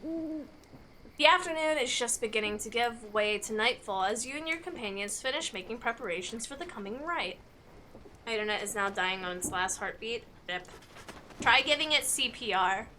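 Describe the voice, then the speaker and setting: Animated woman streamer reading a game story. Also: on the high side, moderate pace, slight background noise. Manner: animated, joking asides between read-aloud story text. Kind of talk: live game playthrough, reading the story aloud. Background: game music.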